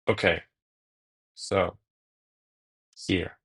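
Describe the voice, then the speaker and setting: A young man narrates his card game stream in offhand, joking commentary, thinking aloud, muttering, and cursing occasionally. His low, slightly bright voice moves at a measured pace broken by long pauses.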